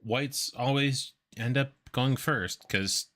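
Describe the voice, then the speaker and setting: A man's voice: medium pitch, takes it slowly, pushed and bright. A man co-hosting a casual live-stream trivia game, laid-back and making joking asides. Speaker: trivia co-host.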